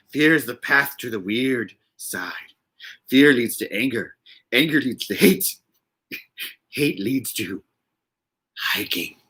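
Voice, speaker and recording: A man voicing an ancient, tiny, wise male alien master, speaking in halting, inverted sentences as a comic impression. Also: mid-range voice, expressive, sharp tone, slightly rough, full character voice. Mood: mock solemn. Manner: inverted word order, halting, breaks into laughter. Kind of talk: comic impression reading a word game.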